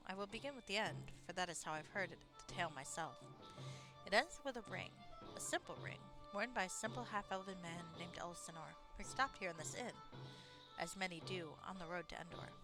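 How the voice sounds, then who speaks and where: A woman's voice: on the low side, lively intonation, a little fast, over music, natural voice. Vagar, a woman voicing a whimsical tavern storyteller. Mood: storytelling. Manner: grand, old-fashioned storytelling phrasing.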